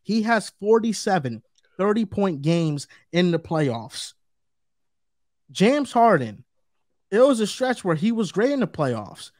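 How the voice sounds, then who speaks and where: A man's voice: high-pitched, big pitch swings, slow, darkish tone, no room sound, studio quality. A man co-hosting a sports debate show, talking emphatically and repeating his points for stress. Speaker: co-host.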